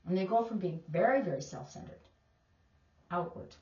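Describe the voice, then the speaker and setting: Woman, teacher, opinionated casual commentary, lowish voice, dull lo-fi sound. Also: moderate pace, darkish tone. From Canada. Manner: emphatic, opinionated. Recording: distant, echoey, dull lo-fi.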